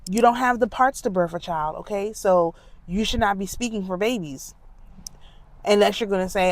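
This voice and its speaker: A woman talking casually and emphatically in an indignant, animated monologue, with a congested voice. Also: mid-range voice, fairly quick, dry recording. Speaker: spiritual commentator.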